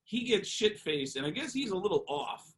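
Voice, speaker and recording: Man, comedian guest, storytelling, rambling, animated, filler-heavy. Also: high-pitched, normal speed, low-quality recording. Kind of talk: storytelling on a podcast.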